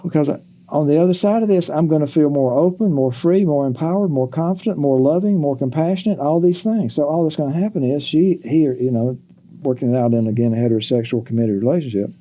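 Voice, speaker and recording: Older male psychologist guest, very dark-toned voice, slow and reflective, halting restarts, podcast chat. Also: on the high side. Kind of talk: casual podcast conversation.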